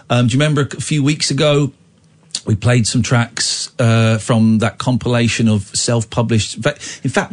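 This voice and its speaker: A man hosting a late-night radio phone-in, joking and teasing callers. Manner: jokey, teasing, breaks into squeaky laughter. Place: radio studio.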